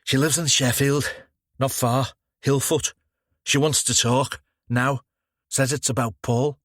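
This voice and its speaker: A man's voice: mid-range voice, steady tone, takes it slowly, a bit bright, dry recording, studio quality, pitched above the performer's own voice. A man voicing a young male detective sergeant who sounds breathless, shaky and apologetic. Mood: recovering.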